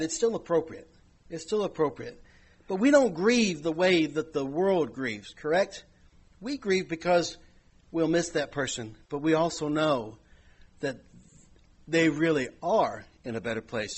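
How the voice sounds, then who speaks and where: A man's voice: a little high, husky. A man preaching a conversational sermon, full of "you know" asides, his volume swelling and dropping.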